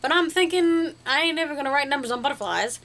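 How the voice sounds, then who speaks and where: A woman's voice: sits high, fast talker, bright, forceful tone. A young woman vlogging to camera in a casual, rambling way, chatty and silly, joking at her own expense and making up playful words.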